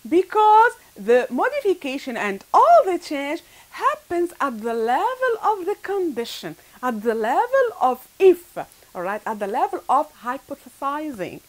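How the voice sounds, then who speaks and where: A woman teaching grammar to her pupils. Her voice sits a little high and swings widely in pitch. She drives each point home by repeating words and tagging lines with "all right?". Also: huge pitch swings, a little slow, hardly any pauses, low-quality recording. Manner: emphatic, repeats key words, frequent "all right" and "okay". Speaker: English teacher. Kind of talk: grammar lesson.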